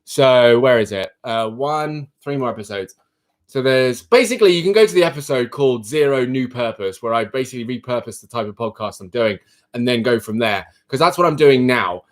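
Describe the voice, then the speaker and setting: A man's voice: medium pitch, expressive, a little fast. A man who coaches people, hosting a live stream and frankly ranting straight to his viewers in casual chat.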